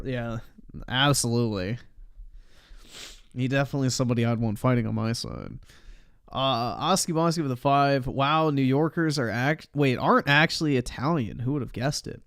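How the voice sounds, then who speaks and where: A man's voice: mid-range voice, no room sound, studio quality. A man streaming live, reacting to a video in a sarcastic, profane, exasperated way.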